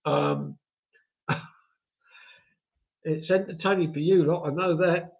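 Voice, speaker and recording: A man's voice: on the high side, steady tone, slow. A man hosting a live stream, reading viewer comments aloud in a chatty, self-mocking way and chuckling often. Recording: tinny phone-like audio.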